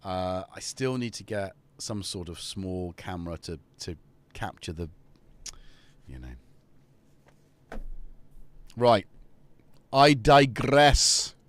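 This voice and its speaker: Chatty male streamer, low-set voice with a swooping, lively delivery. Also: takes it slowly, long pauses. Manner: rambling, chatty, talks to his cat and viewers. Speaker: live-stream host. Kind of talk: casual live-stream chat.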